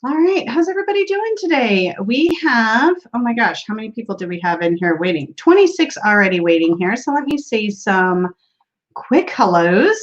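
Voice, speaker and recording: A woman's voice: a little high, big pitch swings, moderate pace, dull audio. A woman hosting a casual tarot livestream from a room at home, greeting viewers by name and laughing often.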